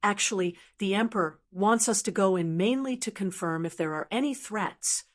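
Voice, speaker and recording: A woman's voice: mid-range voice, normal speed, lightly acted. Persuasive young prodigy, read by a woman. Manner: reasoning, persuasive. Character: young male martial prodigy, calm negotiator.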